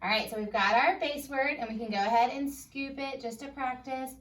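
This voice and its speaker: A woman teaching a first grade phonics lesson, upbeat and patient, sounding out words slowly for young children. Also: high-pitched, a bit bright, far from the mic.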